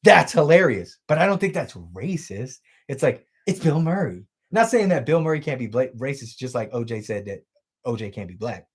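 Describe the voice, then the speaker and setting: A man's voice: medium pitch, very animated, normal speed, husky. A man hosting a casual livestream, chatting loosely with viewers and a friend in a profane, offhand way from a home streaming setup. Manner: loose and profane, reads out chat comments. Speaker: livestream host.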